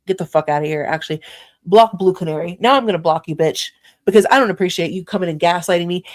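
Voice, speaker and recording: A young adult woman hosting a livestream, ranting angrily and profanely at her chat. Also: on the low side. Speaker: livestream host. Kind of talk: angry livestream rant.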